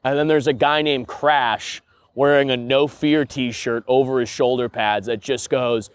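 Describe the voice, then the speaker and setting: A man's voice: medium pitch, measured pace, smooth, no room sound. A young man hosting a podcast, rambling through a casual comedic monologue and laughing at his own stories. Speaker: podcast host.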